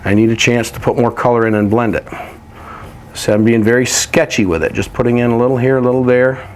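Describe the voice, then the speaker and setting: A man teaching a painting lesson, walking through each step in a relaxed, practical way while he works. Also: mid-range voice, fairly quick, a little hiss or hum. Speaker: painting instructor.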